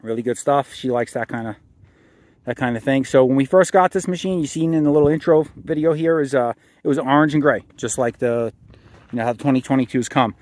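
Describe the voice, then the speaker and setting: A man's voice: mid-range voice, brisk, darkish tone, no room sound. A married man hosting his own channel, talking casually and rambling a bit, with fillers and restarts. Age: adult, married with a son. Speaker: channel host. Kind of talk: casual walkaround vlog.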